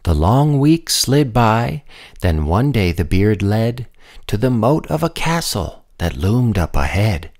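A man reading a rhyming picture book aloud in an expressive, sing-song manner. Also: on the low side, slow. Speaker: storybook reader.

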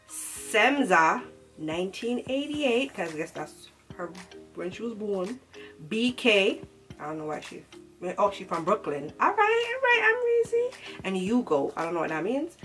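A young woman talks through her makeup routine in a sassy, slangy, chatty way. Her voice sits at a middling pitch. Clear music plays behind her. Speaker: beauty vlogger. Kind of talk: casual makeup tutorial chat.

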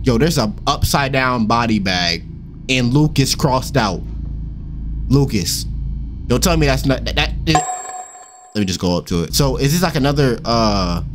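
A young man giving animated, slangy let's-play commentary on a horror game, swearing and yelping when startled. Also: medium pitch, moderate pace, background noise. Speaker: gaming YouTuber.

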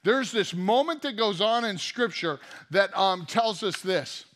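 A man preaching a sermon in a fairly high, light voice. He talks in an easygoing storytelling manner, slipping in jokes and playful asides as he goes. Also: measured pace. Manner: lively storytelling with jokey asides. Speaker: pastor.

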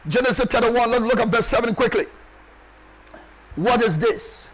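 A male pastor delivering a sermon in an emphatic, repetitive way and often shouting. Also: very high voice, normal speed, rough recording.

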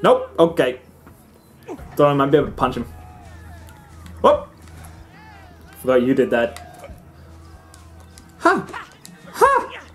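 A young man giving animated, swear-filled let's-play commentary, often squealing and shouting at the game. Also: mid-range voice, slow pace, pauses often, soft background music. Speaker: gaming let's-play host.

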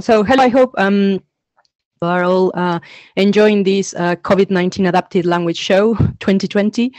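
At a moderate pace, a woman from Argentina leads an online teacher-training conference session over a video call, her mid-range voice full of chatter and ums and uhs. She excitedly reads names aloud from the chat, and the computer mic picks up no room sound.

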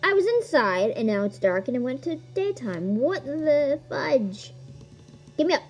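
A woman giving casual gameplay commentary as a video host, excitable and quick to gasp at new things. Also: sits high, slightly rough, soft background music. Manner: excitable, gasps and squeals at discoveries.

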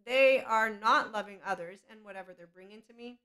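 A slightly high voice, brisk and pushed with brightness, belongs to a woman hosting a podcast by herself. She addresses listeners in a casual, meandering way that tips into laughter.

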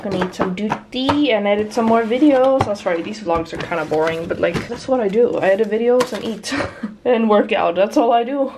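A woman's voice: medium pitch, brisk, background noise. A woman vlogging in a casual, chatty way, laughing often and swearing now and then. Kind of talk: casual vlog chat. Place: partly outdoors at night.

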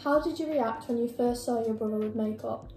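A shy young woman answers questions with short, hesitant replies, sounding a little tired. Her voice is fairly high yet mellow and soft-edged, and the room adds a noticeable echo with faint music underneath. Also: brisk. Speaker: younger sister guest. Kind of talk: casual chat.

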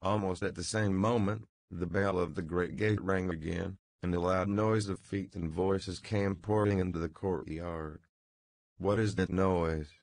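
A man reading an audiobook as narrator in a measured, deliberate way. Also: low voice, fairly even intonation, dry recording. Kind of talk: scripted narration.

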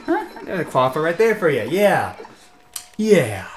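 A frustrated young man narrating a racing game, ranting and trash-talking the computer opponents. His voice sits a bit high and bounces between shouts and mutters. The room is echoey, with game music playing underneath. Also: sing-song, measured pace. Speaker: gameplay commentator. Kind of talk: let's play commentary.

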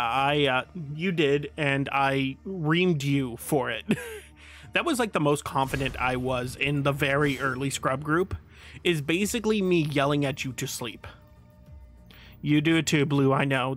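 A man's voice: fairly high pitch, lively intonation, measured pace, a bit bright, faint music behind. A man streaming a game and chatting casually with his viewers, laughing often and swearing now and then. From United States.

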